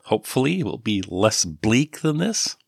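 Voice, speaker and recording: A man reading the lines of a calm, consoling man in an audiobook. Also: lowish voice, normal speed, gravelly, husky, dry recording, studio quality, pitched above the performer's own voice, full character voice. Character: gentle, calm man, thin and worn.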